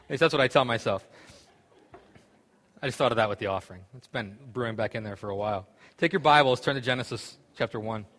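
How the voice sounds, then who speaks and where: A man's voice: medium pitch, fast talker, fairly bright tone. A male pastor giving a casual, rambling sermon full of fillers and restarts. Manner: loose, rambling delivery with many fillers and restarts. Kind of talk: sermon with an opening joke. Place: church sanctuary. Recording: long hall reverb.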